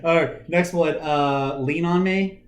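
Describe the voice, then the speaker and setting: Animated, swearing man on a podcast. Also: a little high, slow. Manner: animated, swearing, teasing, laughs often. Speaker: podcast co-host. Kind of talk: casual chat. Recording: echoey room.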